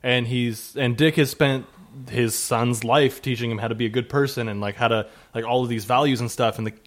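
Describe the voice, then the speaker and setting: A man vents about a comic with real passion, swearing freely and acting out his own exasperated reactions. His voice sits at an ordinary middle pitch. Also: fairly even intonation, a little fast. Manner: passionate, profane, acts out exasperated quotes. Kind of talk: casual chat about comics.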